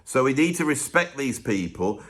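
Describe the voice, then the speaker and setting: Male host, opinionated and jokey, lively pitch. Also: moderate pace. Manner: chatty, opinionated, joking asides. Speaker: music commentator and host. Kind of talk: casual ranked commentary monologue.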